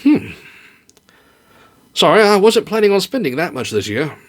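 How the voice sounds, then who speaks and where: Man playing a stingy husband, smug, offhand, dry wit, a little higher voice. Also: big pitch swings, moderate pace. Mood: deadpan. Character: smug middle-aged husband, cheap and dry-witted.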